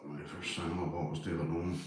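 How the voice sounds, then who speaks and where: A man's voice: low-pitched, flat delivery, a little fast, very echoey, slight background noise. A man chatting casually with stream viewers, rambling and swearing, with local slang. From Northern Ireland. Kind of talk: casual live-stream chat.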